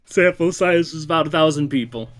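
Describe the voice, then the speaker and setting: A man on a live stream delivering a mock business pitch with a straight, earnest manner. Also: brisk. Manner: earnest mock-salesman, deadpan. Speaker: streamer co-host.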